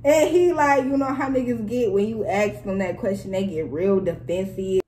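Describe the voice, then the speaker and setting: A young woman vlogger retelling a story in a casual, animated and profane way. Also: mid-range voice, normal speed, echoey room, slight background noise, low-quality recording. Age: young adult. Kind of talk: storytime vlog, casual chat.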